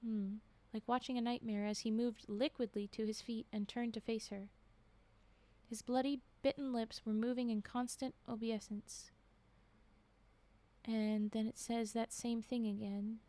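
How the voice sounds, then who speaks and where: A woman's voice: on the high side, level tone, measured pace, dark tone. A woman reading horror stories aloud on a stream, often breaking off to react and comment.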